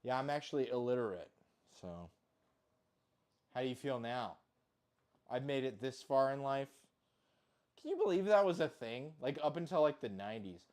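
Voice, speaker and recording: A home cook vlogger chats casually in his kitchen while he cooks, rambling, putting himself down, and swearing now and then. His medium-pitched voice is expressive and a little mellow, moving at a normal speed with long pauses.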